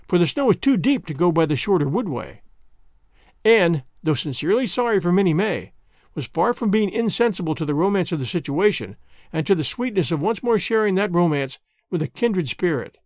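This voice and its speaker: A man narrating an audiobook in an expressive storytelling manner. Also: sits high, no echo, clean studio sound.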